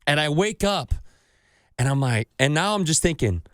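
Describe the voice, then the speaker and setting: A man's voice: fairly high pitch, normal speed, dry recording. Swearing man telling a story, dry mic. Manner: animated storytelling, acts out voices of others, swears freely. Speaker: podcast host. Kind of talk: casual podcast chat.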